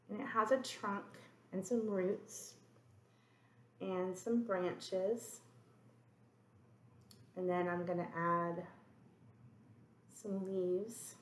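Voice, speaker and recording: Slow, gentle woman teaching phonics. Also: medium pitch, reverberant, a little hiss or hum. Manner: slow, drawn-out sounding of letters; gentle, encouraging teacher talk to young children. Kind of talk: early-grade phonics lesson.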